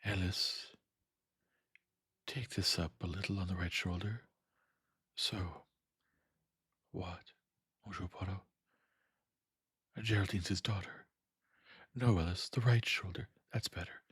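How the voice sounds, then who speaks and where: A man voicing a vain, distracted young actress woman in a soft, breathy half-whisper. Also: deep voice, fairly even intonation, takes it slowly, pauses often, no room sound, studio quality, full character voice.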